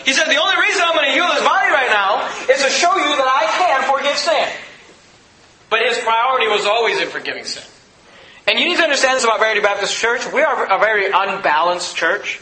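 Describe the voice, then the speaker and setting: A male pastor preaching a sermon in an emphatic, conversational way with quick asides. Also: very high-pitched, animated, sharp tone, echoey room, low-quality recording.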